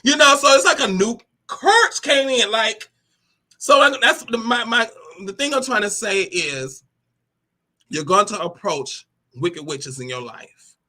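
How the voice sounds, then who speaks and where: A woman hosting a motivational talk with a brassy, animated delivery, cursing freely and calling listeners honey and baby. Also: fairly high pitch, unhurried. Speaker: host of a motivational talk show.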